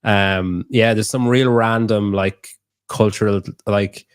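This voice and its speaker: Irish guy, young, low-pitched, loose rambling chatter with lots of swearing, dry close sound. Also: steady tone, slow pace, clear, resonant tone, no room sound. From Ireland. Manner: rambling, swears freely, laughs often. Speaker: guest. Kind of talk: casual chat.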